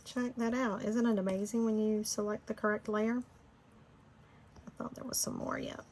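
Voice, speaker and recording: A woman's voice: mid-range voice, steady tone, moderate pace, darkish tone, slight background noise. A middle-aged woman with a Southern Georgia accent, chatting casually and rambling while she leads a design tutorial. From Florida. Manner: chatty, rambling, laughs easily. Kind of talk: casual screen-recorded tutorial chat.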